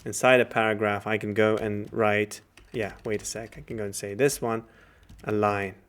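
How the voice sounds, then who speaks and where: A man's voice: fairly low pitch, flat delivery, moderate pace, fairly bright tone. A man lecturing while he writes code live, thinking aloud with frequent fillers and self-corrections.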